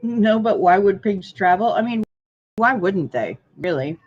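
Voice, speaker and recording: A woman chats slowly on a livestream from a diner booth, dry and joking, sometimes with food in her mouth. The sound is dull and lo-fi. She takes her time between words. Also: medium pitch, expressive. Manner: slow, dry and joking, chewing food while talking. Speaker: livestream co-host. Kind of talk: casual chat.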